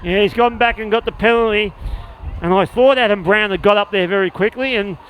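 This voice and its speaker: A man calling live play-by-play at a sports match, rapid and excitable when a score comes. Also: high voice, a little hiss or hum, poor audio. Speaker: play-by-play commentator. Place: outdoor sports venue.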